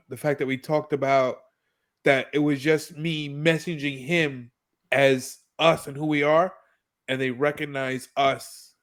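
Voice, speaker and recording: A man co-hosting a podcast, easygoing and quick to laugh in casual chat. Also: medium pitch. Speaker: podcast co-host.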